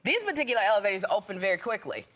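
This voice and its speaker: A woman co-hosting a daytime talk show, telling a story with animated drama. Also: mid-range voice, racing, slight background noise. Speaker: co-host. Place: television studio.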